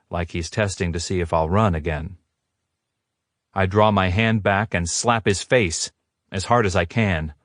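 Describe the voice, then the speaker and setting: Male audiobook narrator, lowish voice, unhurried and steady. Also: dry recording, clean studio sound. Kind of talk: scripted narration.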